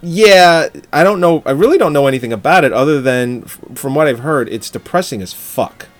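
A podcast co-host chats casually about films, joking, swearing, laughing a lot and reading an article aloud. His voice is on the high side with lively intonation and a brisk pace, over soft background music.

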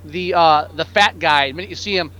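A man in casual podcast chat, rambling and halting with many restarts, now and then putting on mocking voices. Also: a little high, sharp tone.

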